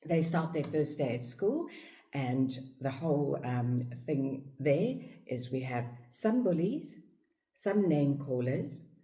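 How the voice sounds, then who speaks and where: A woman with a South African accent giving a reflective teaching talk on life outlook, repeating phrases for emphasis. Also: slow pace. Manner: acts out parents' voices in a high, excited tone. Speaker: yoga teacher and speaker.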